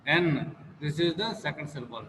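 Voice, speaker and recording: A man with an Indian English accent teaching a class on word stress, slow and repetitive, with many fillers. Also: on the high side, animated, a bit bright, a little hiss or hum. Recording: long hall reverb, faint ambience.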